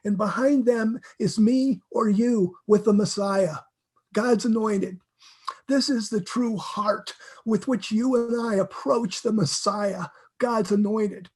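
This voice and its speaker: A man teaching through a Bible passage, earnest and animated, stopping often to restart words. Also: sits high, slow, husky. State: emotional.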